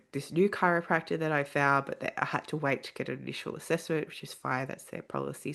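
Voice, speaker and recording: Her voice sits low and gravelly as this podcast guest relates something that happened to her in a relaxed way. Lively throughout, she performs the dialogue of everyone else in the story.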